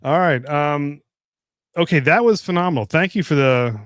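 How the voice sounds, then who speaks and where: Animated man telling a story. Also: normal speed, no room sound. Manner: animated storyteller, jumps up high when imitating others. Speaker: host of a whiskey tasting livestream. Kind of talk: casual livestream chat and storytelling. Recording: dry close sound.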